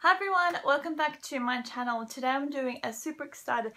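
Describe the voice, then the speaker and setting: A woman's voice: sits high, fairly quick, loud music behind the voice. A young woman, chatting upbeat through a casual haul vlog, with frequent ums. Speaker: vlogger.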